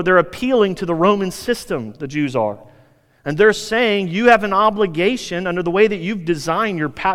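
An American pastor preaches a sermon in a conversational, emphatic way, sometimes acting out the people in his story. His voice sits high with a fairly bright tone, and the sound suggests a big room.

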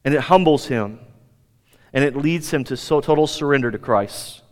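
Man preaching in a reverberant hall. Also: moderate pace. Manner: animated preaching, rising in pitch for emphasis. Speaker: pastor. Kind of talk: sermon.

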